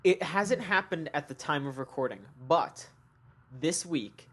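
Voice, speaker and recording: A man hosting a casual podcast chat, excitable and jokey, stumbling over his words often. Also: fairly high pitch, unhurried. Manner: hyped, jokey, restarts often. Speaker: podcast host.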